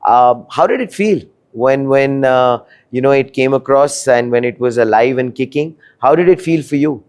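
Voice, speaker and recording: A man hosting an interview show, asking drawn-out questions full of fillers and closing the episode. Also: mid-range voice, darkish tone, smooth. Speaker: show host.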